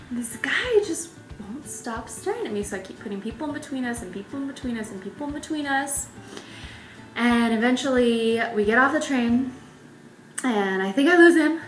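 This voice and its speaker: Chatty bright young woman vlogger. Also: on the high side, normal speed. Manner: chatty and animated, laughs often, many "like"s. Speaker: travel vlogger. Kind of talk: casual travel storytelling. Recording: echoey room with faint music.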